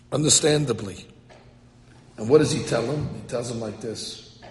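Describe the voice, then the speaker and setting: A man teaching a text-study lecture to a class, animated and translating phrases line by line. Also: medium pitch. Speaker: Torah teacher. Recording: echoey hall.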